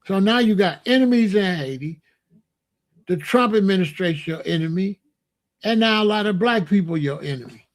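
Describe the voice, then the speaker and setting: Here's an animated, high-voiced commentator from Chicago going off in a monologue at moderate speed. He keeps repeating himself emphatically and draws his words out for effect.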